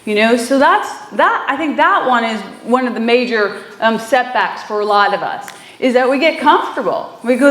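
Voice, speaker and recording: A woman's voice: on the high side, expressive, normal speed, hardly any pauses, fairly bright tone. A woman minister giving a conversational sermon, telling stories with frequent fillers and easy laughter. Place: small church hall. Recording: echoey room.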